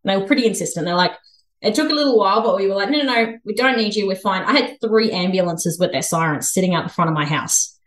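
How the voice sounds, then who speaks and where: A woman in her thirties with an Australian accent, a podcast guest telling a story in a lively, chatty way and laughing often. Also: mid-range voice, fast. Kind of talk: casual storytelling interview.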